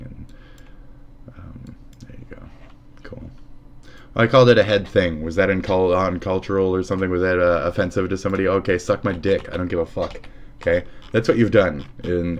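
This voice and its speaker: Profane gravelly live streamer man. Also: deep voice, darkish tone, slight background noise. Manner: rambling, profane, sarcastic, often trailing into mutters. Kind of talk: casual profane streaming chat.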